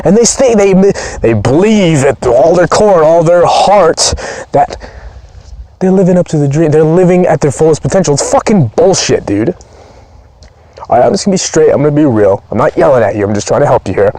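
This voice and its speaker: A man's voice: a little high, lively intonation, fairly quick, mellow, no room sound. A man speaking as a performance coach, giving a blunt, profane, pumped-up motivational training talk.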